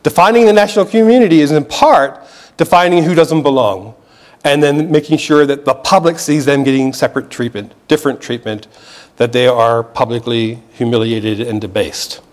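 A man's voice: mid-range voice, normal speed. An American man giving a public history lecture in an earnest, explanatory way, often restarting phrases and checking in with the audience. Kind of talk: museum lecture. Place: lecture hall.

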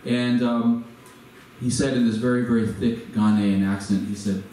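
A man's voice: mid-range voice, fairly even intonation, normal speed, warm tone. A man in his forties giving a storytelling talk to an audience, hesitant, with many fillers and restarts. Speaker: guest speaker. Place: venue with a live audience. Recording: echoey hall from far off, faint noise.

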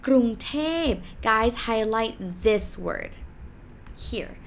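A woman's voice: on the high side, slight background noise. Patient woman teaching a language lesson. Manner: slow, patient explaining with repeated example words.

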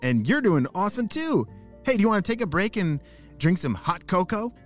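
Cheerful little girl, high and quick, played by a man. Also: big pitch swings, faint music behind. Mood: excited. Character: excited young girl, cheerful.

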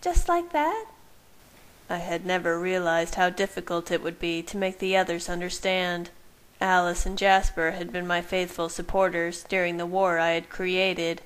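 A woman narrating a first-person fan fiction story in a soft, measured way. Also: fairly low pitch, clean tone, rough recording.

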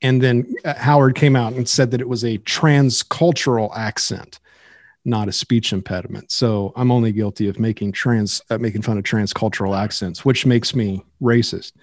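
A man's voice: mid-range voice, fairly even intonation, moderate pace, no echo, studio quality. A man hosting a podcast in a blunt, sarcastic and combative way, in casual discussion. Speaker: podcast host.

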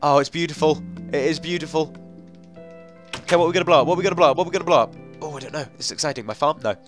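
A young man with a blocked nose, rambling excitedly through let's-play game commentary. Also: fairly high pitch, very fast, soft background music. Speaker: gaming video host.

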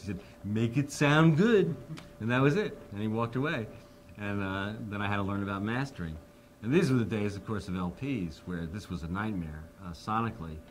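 A man in an interview telling studio anecdotes with animated storytelling, full of ums and restarts. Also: fairly low pitch, a little hiss or hum. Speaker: interviewee, record producer.

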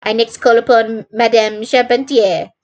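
A woman's voice: on the high side, little pitch movement, measured pace, darkish tone, highs cut off, natural voice. A woman reading the part of a proud, talkative male police detective who eagerly recounts his own clever work. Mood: telling.

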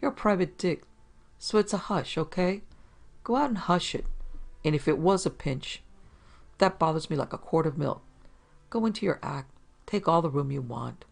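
A hulking, drawling apartment manager, gruff and mocking, read by a man. The voice sits on a deep gravelly rasp. It comes from an audiobook. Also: animated, normal speed, pauses often. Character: big brutish middle-aged male building manager, mocking. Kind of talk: audiobook reading.

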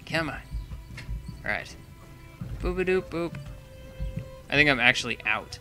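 A man's voice: mid-range voice, moderate pace, music in the background. A young man giving casual, chatty commentary while playing a building game, thinking aloud and laughing often. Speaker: gaming channel host.

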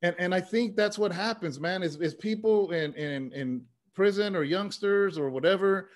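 A man's voice: sits high, moderate pace. A man, a pastor and former rapper, telling his life story in an earnest, conversational way with a lot of "man" and "you know". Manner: earnest, story-driven, says "man" often.

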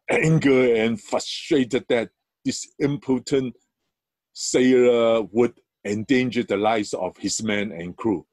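A man's voice: on the low side, slow, darkish tone, dry recording. A man who is a church elder, preaching a sermon as he tells an illustrative story with emphatic rises in his voice.

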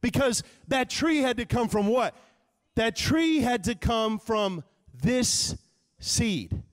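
A man from Texas preaching a live sermon in a church, swinging between loud preaching and quiet, joking asides. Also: very high voice, lively intonation, slow pace, no room sound, studio quality. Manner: conversational, humorous, with many fillers. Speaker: pastor. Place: church sanctuary.

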